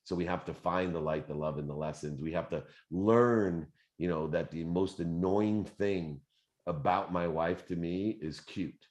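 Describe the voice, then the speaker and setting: A very deep, low-pitched man in his fifties runs a live motivational Q&A. He talks in an animated, conversational way and drops in fillers as he goes. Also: a little slow. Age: 50s. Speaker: host.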